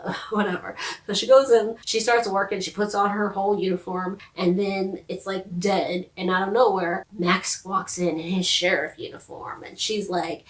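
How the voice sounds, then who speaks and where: A woman's voice: mid-range voice, steady tone, normal speed, reverberant, rough recording. A woman recapping and reviewing a TV show in a chatty, sarcastic vlog style. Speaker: TV review vlogger.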